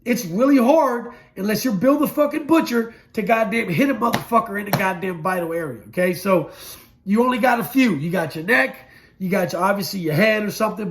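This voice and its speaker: A middle-aged man recounting his prison past in a blunt, profane storytelling manner, swinging from loud bursts to low murmurs. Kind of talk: candid storytelling interview.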